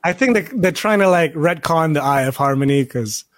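A man's voice: fairly high pitch, lively intonation, fairly quick. A man co-hosting a film reaction chat, making sarcastic, joking remarks about the scenes.

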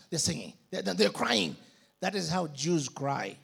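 Gravelly, animated preacher man. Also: fairly high pitch, slow pace, long pauses. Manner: dramatic, calls for congregation response. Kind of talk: sermon.

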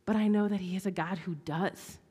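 A woman delivering a sermon with mid-range pitch and a loose, chatty delivery, calling for responses from the congregation. Her voice carries the long reverb of a large hall. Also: brisk, husky. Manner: conversational, animated, asks audience to respond. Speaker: pastor. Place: church hall with audience.

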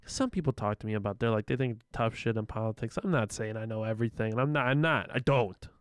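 A young man co-hosting a podcast in casual political chat, animated and profane, often mocking the voices of others. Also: fairly low pitch, fast, smooth, no echo, studio quality. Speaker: podcast co-host.

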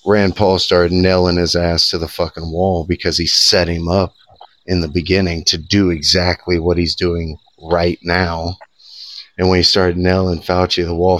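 A man's voice: low-pitched, dry recording. A man co-hosting a casual podcast, ranting sarcastically and swearing freely. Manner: profane, sarcastic, animated ranting with laughs. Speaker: podcast co-host. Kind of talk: casual political podcast rant.

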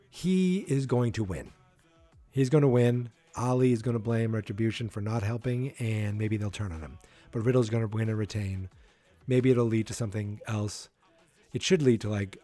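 A man talking through his predictions on a casual solo podcast, his voice mellow and a little husky. He rambles, stops to correct himself and thinks out loud. Faint music plays behind him. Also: fairly low pitch. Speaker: wrestling podcast host.

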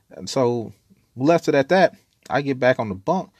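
A man's voice: medium pitch, expressive, moderate pace, darkish tone, slightly rough, dry recording. A man casually telling a story, laid-back and profane, rambling with frequent laughs.

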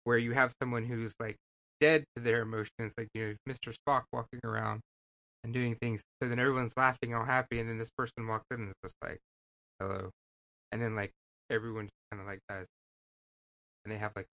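A man's voice: mid-range voice, fairly even intonation, fast talker, vocal fry, sharp tone. A man co-hosting a casual podcast chat, rambling with many fillers. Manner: rambling, full of fillers like "like" and "you know". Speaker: podcast co-host.

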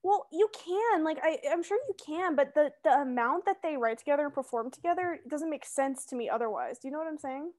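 Young woman co-host with a high voice, chatty and insistent, in loose casual conversation. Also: a little fast, few pauses, darkish tone. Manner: chatty, filler-heavy, insistent. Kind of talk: casual chat.

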